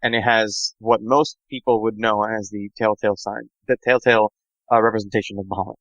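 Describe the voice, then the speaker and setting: A man playing a tabletop game, describing his character casually with halting fillers. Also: fairly low pitch, flat delivery, a bit bright, no echo, highs cut off. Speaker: player.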